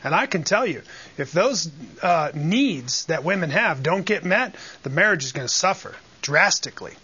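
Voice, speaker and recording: A man leads a church Bible lesson, preaching and putting questions to the room. His voice sits high and comes across bright. The recording is a bit dull and lo-fi. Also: animated, normal speed, breathy edge. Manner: preacherly, asks the group questions. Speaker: Bible teacher. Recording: dull lo-fi sound.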